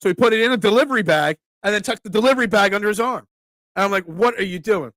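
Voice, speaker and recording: A man hosting a sports talk show, telling a story in an animated, emphatic casual rant. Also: sits high, very fast, no echo.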